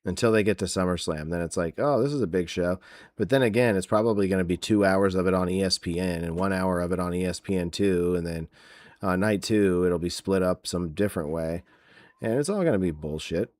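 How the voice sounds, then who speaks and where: A man's voice: sits low, fairly quick, a little mellow, no echo. A man hosting a wrestling podcast, ranting sarcastically in casual chat with many fillers. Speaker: podcast host.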